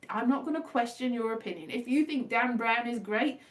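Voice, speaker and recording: A tired woman from Wales with a softened Welsh accent, hosting a stream and rambling in a casual, self-deprecating way that trails off. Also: on the high side, animated, normal speed, hardly any pauses. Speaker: livestream host. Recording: distant from the mic.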